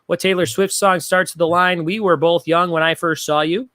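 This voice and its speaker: A fairly high-voiced man hosts an online trivia night with upbeat energy. He reads each question, repeats it a few times and trades jokes with his viewers. The sound is dry and close to the mic. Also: fairly even intonation, normal speed, fairly bright tone, no echo. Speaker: trivia host. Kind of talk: live-streamed trivia hosting.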